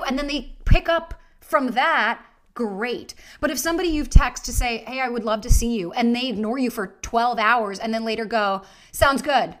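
A young woman talks straight into her podcast mic, her voice bright and a little high. She is blunt and animated, dishing out tough-love dating advice and swearing freely. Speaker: podcast host and dating coach. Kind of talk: casual solo podcast monologue.

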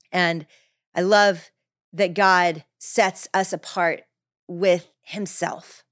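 A woman teaching through a Bible passage in an animated, lively way. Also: no echo, clean studio sound. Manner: lively, animated, acts out Paul's voice with big pitch jumps.

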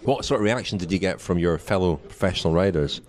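A man's voice: deep voice, fast. A man hosting a podcast, leading a genial, wry conversation from a small restaurant. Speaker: podcast host. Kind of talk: hosting a casual podcast chat.

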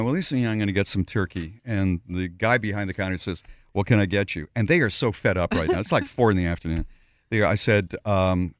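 A man's voice: fairly low pitch, a bit bright, no echo. A man hosting a radio show, telling a story in a casual way and acting out other people's voices. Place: radio studio.

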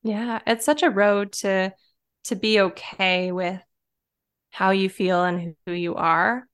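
A woman with a Detroit accent, a guest in a relaxed podcast chat, talking loosely with lots of "like" and "um". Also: mid-range voice, slow, clean tone. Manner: relaxed, chatty, filler-heavy with frequent likes and ums. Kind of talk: casual chat.

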